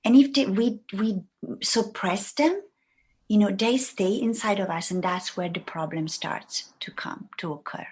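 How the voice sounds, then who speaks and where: A woman's voice: medium pitch, a little slow, husky. A woman guest on a podcast who talks in a rambling way and acts out the thoughts she quotes. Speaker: guest, writing mentor. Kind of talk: casual podcast conversation.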